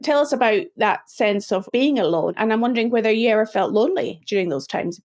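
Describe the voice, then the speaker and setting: Woman host asking measured questions. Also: on the high side, expressive, darkish tone. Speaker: podcast host. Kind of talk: interview questions.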